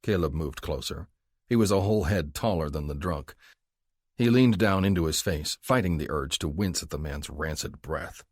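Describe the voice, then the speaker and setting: A man narrating a romance audiobook in an expressive, measured reading style. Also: very deep voice, dry recording, clean studio sound. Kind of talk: scripted narration.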